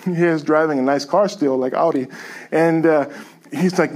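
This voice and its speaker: A man telling a faith story to a church, lively and chuckling as he goes. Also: on the high side, normal speed. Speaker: guest speaker sharing a testimony.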